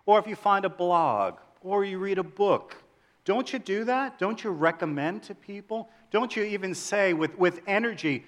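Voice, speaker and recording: A middle-aged man preaches a sermon in a church. His voice sits a little high, and he talks with lively energy, putting questions to the congregation and joking with them. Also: normal speed. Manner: animated, asks the audience questions, jokes. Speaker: pastor.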